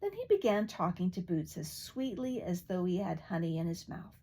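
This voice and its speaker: An older woman reading a fairy tale aloud in a lively, expressive way. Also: fairly low pitch, moderate pace. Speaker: storyteller.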